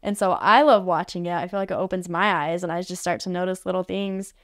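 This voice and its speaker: A woman's voice: fairly low pitch, fairly even intonation, fast talker, no room sound, studio quality. A woman guest on a podcast, telling a story casually and chattily, with lots of "like" fillers. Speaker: podcast guest, art facilitator. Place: podcast studio.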